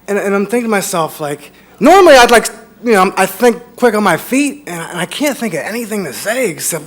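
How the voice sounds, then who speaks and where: A man with a high voice tells a stand-up story from a comedy club stage. He rambles, stumbles over repeated words and laughs at his own tale. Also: lively intonation, fast.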